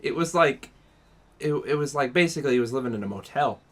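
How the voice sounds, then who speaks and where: A young man telling a long story on a podcast, rambling with restarts and acting out what others said. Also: fast talker. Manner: animated, acts out quotes in a higher voice; rambling with many restarts and fillers. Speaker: podcast co-host. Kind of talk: casual storytelling.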